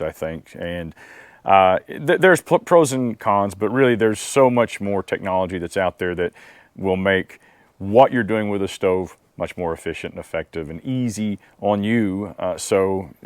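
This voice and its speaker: A man hosting a casual outdoor gear review, talking in a relaxed, rambling way with plenty of fillers. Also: fairly low pitch, dry recording.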